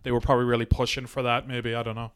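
A man's voice: mid-range voice, flat delivery, very fast, clean tone. A man co-hosting a podcast, talking casually about a film, laughing often and swearing.

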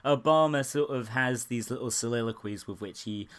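A man's voice: medium pitch, moderate pace, a bit bright. A man from the United Kingdom co-hosting a podcast, chatting casually with joking, self-deprecating asides. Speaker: podcast co-host.

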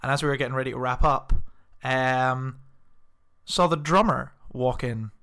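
A man's voice: mid-range voice, steady tone, moderate pace, bright, forceful tone, smooth. A young man hosting a podcast, telling a story in casual chat and laughing often. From Scotland. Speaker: podcast host.

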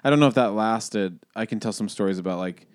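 A man's voice: lowish voice, quick pace, smooth, dry recording, studio quality. A man in his thirties co-hosting a podcast, talking casually and reflectively with many restarts. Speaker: podcast co-host.

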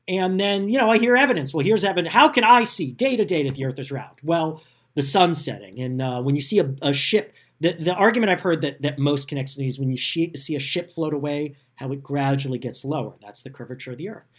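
A man hosting a podcast, talking in a casual, sarcastic and self-deprecating way about politics. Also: medium pitch. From United States. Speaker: podcast host.

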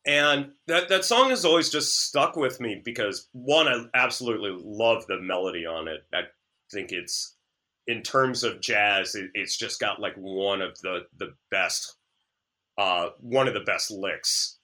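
A man who works as a DJ, chatting as a podcast guest, animated and sarcastic, often stammering as he restarts sentences. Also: lowish voice, unhurried. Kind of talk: casual chat.

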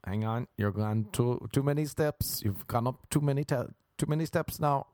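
A man's voice: mid-range voice, moderate pace, darkish tone, dry recording, studio quality, voice pushed up, lightly acted. A man with an Irish accent playing a fumbling Irish man who coaxes and flusters, repeating himself. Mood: flustered. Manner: coaxing, flustered, repetitive. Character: fumbling Irish man coaxing a partner in bed.

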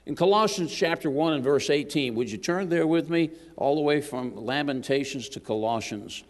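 A man's voice: a little high, moderate pace. A man preaching as a guest minister, joking with the congregation and calling out for amens. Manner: lively, jokes with the congregation, calls for amens. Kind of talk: sermon. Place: church sanctuary. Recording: long hall reverb.

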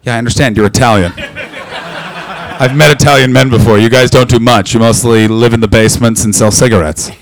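Canadian male stand-up, crude and loud crowd work, club set. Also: medium pitch, fairly even intonation, a little fast. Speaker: stand-up comedian. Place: comedy club.

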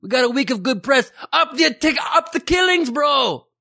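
A man's voice: very high-pitched, expressive, moderate pace, sharp tone, no room sound, studio quality, pitched above the performer's own voice, full character voice. A man playing a cocky mock-Jamaican dictator. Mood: gleeful swagger. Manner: swaggering, gleeful, profane. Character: mocking caricature of a male dictator, cocky and callous.

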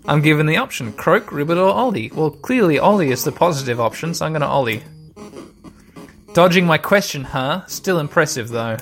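A man's voice: fairly high pitch, expressive, a little fast, faint music behind. A man casually commenting on a video game as he plays, rambling and swearing freely. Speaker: gamer. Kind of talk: casual let's-play commentary.

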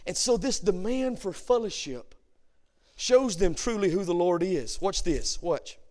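Pastor guy preaching in church, pretty high voice, goes quiet then gets loud. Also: very animated, measured pace. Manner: preaching with sudden swings from hushed to loud; reads King James scripture aloud. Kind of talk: sermon. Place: church sanctuary.

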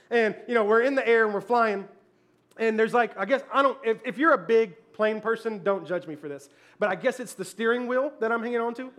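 A male pastor telling a funny story in a sermon, laughing often as he talks, then turning low and soft when reflective.

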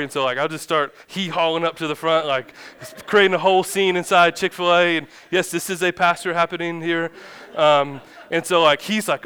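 A pastor in his thirties, speaking in church with a smooth, resonant voice that sits a little high for a man. He preaches in a relaxed, conversational way, chatty and poking fun at himself as he tells a story. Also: a little fast. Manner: chatty, self-deprecating, animated when acting out the story. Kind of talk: conversational sermon with humorous storytelling. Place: church sanctuary.

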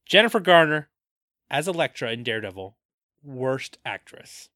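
A man's voice: mid-range voice, big pitch swings, normal speed, pushed and bright, dry recording. A man co-hosting a podcast in casual chat, making dry, wry jokes. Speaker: podcast co-host.

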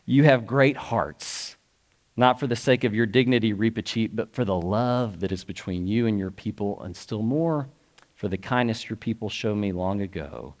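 A man's voice: on the low side, moderate pace, lightly acted. A man voicing a great, noble male lion king who roars commanding words. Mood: moved. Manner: roaring, warm, commanding.

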